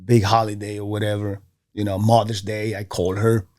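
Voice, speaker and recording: A man from Venezuela, a former baseball player, telling stories in a casual interview, animated and acting out the voices of others. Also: normal speed. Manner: animated, acts out quoted voices with jumps in pitch. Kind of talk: casual storytelling.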